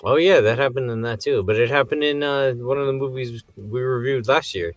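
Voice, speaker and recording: A man's voice: mid-range voice, brisk, dry recording, soft background music. A man co-hosting a casual movie review podcast, joking and laughing through loose banter. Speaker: podcast co-host.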